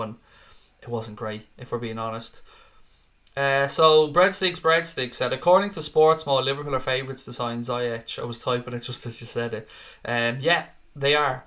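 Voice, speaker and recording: A young man hosting a casual live stream with a bright, forceful voice. He chats loosely and swears often. He reads viewer comments aloud in an offhand way. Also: medium pitch. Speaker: host.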